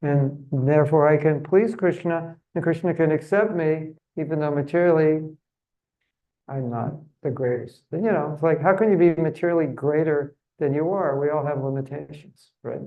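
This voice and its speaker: A man's voice: a little high, moderate pace, narrow, tinny audio. A man giving a religious seminar talk in a chatty, humorous, self-deprecating way. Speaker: seminar speaker.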